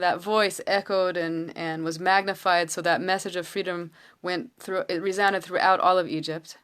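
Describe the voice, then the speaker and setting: Earnest, halting woman teaching Torah. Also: on the low side, steady tone, fairly bright tone, clean tone. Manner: earnest, halting, many restarts. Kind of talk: casual Torah talk, storytelling. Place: home.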